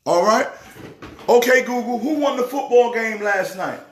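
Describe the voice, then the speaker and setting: A man who is a pastor, talking sports casually in an excitable way, repeating words with a preacher's rhythm. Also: very high voice, normal speed, reverberant, slight background noise. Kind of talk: casual sports talk show.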